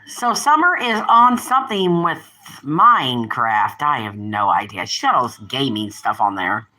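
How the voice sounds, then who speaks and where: A bass-voiced older woman hosts a relaxed livestream, speaking a little slowly with a sing-song, pushed, bright delivery. She rambles chattily and keeps pausing to speak to her pets and family. The recording quality is low.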